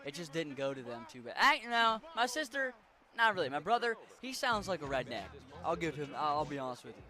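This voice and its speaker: A man's voice: a little high, sing-song, fairly quick, pushed and bright. A young man from Western Maryland with a mixed Appalachian accent, chatting casually with his viewers while gaming, rambling and swearing freely. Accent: Western Maryland, Appalachian mix. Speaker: game streamer.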